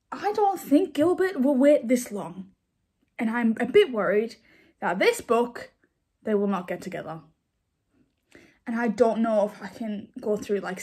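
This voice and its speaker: A woman vlogger chatting casually to camera, ranting in a blunt, exasperated way. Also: a little high. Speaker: book vlogger. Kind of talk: casual vlog chat.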